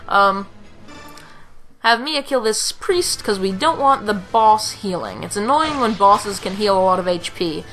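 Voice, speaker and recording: A woman's voice: medium pitch, bright, forceful tone. A young woman chatting casually as she plays through a video game, now and then reading the characters' lines aloud in put-on voices. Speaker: let's play commentator. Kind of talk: casual game commentary with dialogue read aloud.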